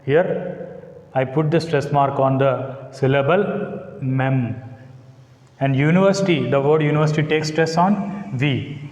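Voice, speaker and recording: A man's voice: medium pitch, darkish tone, reverberant, in a large hall, rough recording. A man with an Indian English accent, giving a classroom lecture as a college English teacher, spelling out letters and checking with his students. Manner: slow and deliberate, spells out letters, checks with "got it?".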